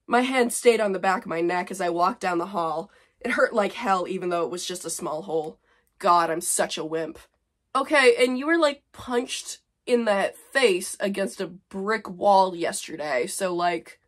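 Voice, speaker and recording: A woman's voice: mid-range voice, moderate pace, a bit bright. Woman in her twenties, sarcastic vlogger reading old fanfic, self-mocking. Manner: sarcastic, exasperated, laughing at herself.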